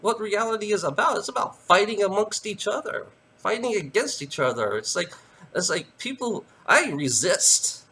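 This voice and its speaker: Male, slightly high, very animated pitch, bright forceful tone; heated profane solo rant. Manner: heated, profane, repeats "you know" often. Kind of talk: ranting monologue to camera.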